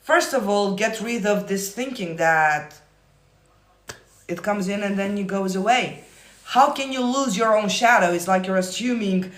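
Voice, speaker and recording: A man coaching manifestation on a live stream, answering viewer comments in a profane, emphatic, often yelling way. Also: high-pitched, moderate pace. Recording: roomy echo.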